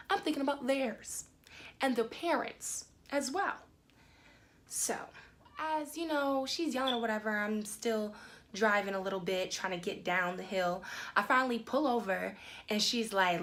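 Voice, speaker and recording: A young adult woman vlogger tells a story at a moderate pace, casual and animated and full of fillers. When she gets indignant, her voice shoots up high.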